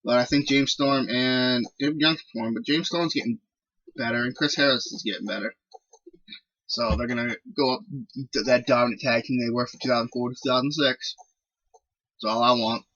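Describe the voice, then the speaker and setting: A man's voice: mid-range voice, fairly even intonation, brisk, a bit bright, no room sound, muffled recording. A man giving casual, rambling commentary while playing a wrestling management game. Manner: chatty, rambling recaps. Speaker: video game let's player.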